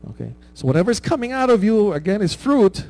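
A man's voice: high voice, very animated, fairly quick, darkish tone, poor audio. A man preaching a conversational sermon, checking in with his listeners with "right?" and laughing at his own stories. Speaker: pastor.

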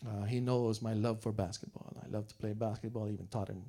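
A man's voice: lowish voice, steady tone, fast, mellow. A man preaching a sermon as a pastor, telling family stories in a joking, chuckling way. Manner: joking storyteller, chuckles often.

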